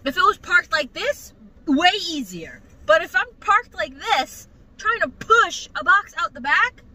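A young woman vlogger telling a work story to her mother in casual, animated, profane talk. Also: very high-pitched, unhurried, low-quality recording.

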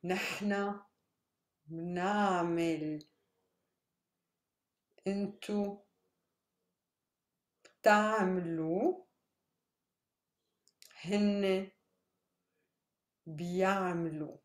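A woman teaching a language lesson, spelling out syllables slowly and checking in with "right?". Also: on the low side, steady tone. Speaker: Arabic teacher. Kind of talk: slow explanatory lesson. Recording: echoey room.

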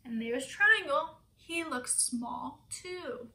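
A woman's voice: high voice, expressive, slow pace, bright, forceful tone, roomy sound. A woman teacher reading a picture book aloud to children, asking them questions and gasping for effect.

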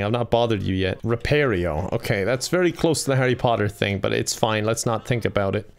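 Irish male gaming commentator: deadpan sarcasm, frequent laughs, sudden high-pitched outbursts, close mic. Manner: sarcastic, jokey, laughs often, jumps into high exclamations. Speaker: gaming YouTuber. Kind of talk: casual gameplay commentary.

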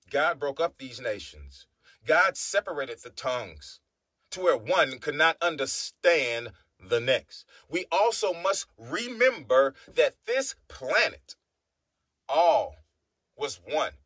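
A man's voice: fairly high pitch, pushed and bright, breathy edge, dry recording. A man from the United States preaching a monologue, emphatic, repeating his phrases and humming between thoughts.

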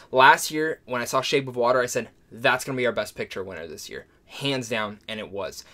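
A man's voice: medium pitch, fairly bright tone. A man giving a casual spoken film review, enthusiastic and gushing in his praise. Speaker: movie reviewer.

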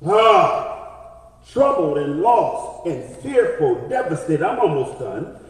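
A man preaching a sermon, building to shouted, half-sung lines and asking the congregation for witnesses. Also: on the high side, sing-song, slow. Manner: rising to shouted, half-sung climaxes with congregation call-outs. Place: church sanctuary. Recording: echoey hall with long reverb.

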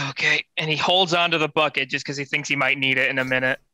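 A man's voice: medium pitch, sharp tone, dry recording. A man playing a tabletop game and describing what his character does. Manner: casual, describes own character. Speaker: player.

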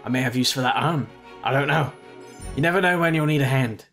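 A man's voice: medium pitch, fairly quick, a bit bright, faint music behind. A man commenting on a game he plays, sarcastic and mock-exasperated. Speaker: gaming video host.

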